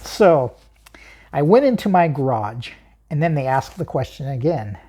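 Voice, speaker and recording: A woman's voice: deep voice, sing-song, measured pace, mellow, slightly rough. A woman hosting her own channel, telling a personal story in an emphatic way, chuckling often and asking herself questions.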